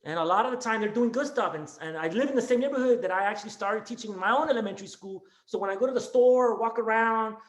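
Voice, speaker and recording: A man's voice: sits high, fast, few pauses, roomy sound. A man who teaches elementary school, speaking with raw emotion in a class discussion on a video call, rambling, restarting and peppering his talk with "man" and "dude".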